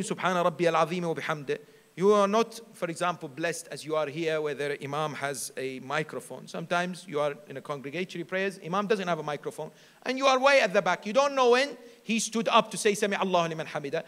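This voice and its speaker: A man preaching a sermon as a sheikh at a religious gathering, animated and full of rhetorical questions he answers himself. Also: high voice, big-room sound. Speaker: sheikh giving a majlis lecture.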